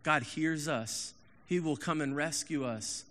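A man in his thirties preaching a casual sermon as a pastor, candid and animated, going from loud emphasis to hushed asides. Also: fairly high pitch, measured pace, long reverb tail.

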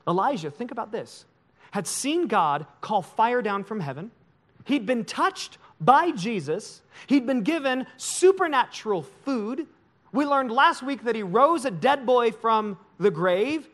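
A male pastor preaching a sermon in an emotional, confessional way, swinging from loud to hushed. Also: very high voice, sing-song, unhurried.

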